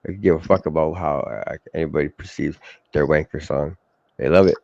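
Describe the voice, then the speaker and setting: A man with a deep voice chats in loose, profane banter, stumbling through restarts and fillers. The sound is dry and muffled, like cheap stream audio. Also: brisk, gravelly, darkish tone, no room sound. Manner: rambling, profane, many restarts. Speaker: live stream co-host. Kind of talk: casual crude banter.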